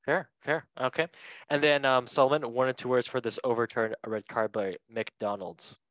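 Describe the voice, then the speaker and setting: A man's voice: medium pitch, steady tone, normal speed, fairly bright tone, dry recording, rough recording. A man hosting a casual football podcast, chatty and joking, correcting himself as he reads through transfer news. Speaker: podcast host.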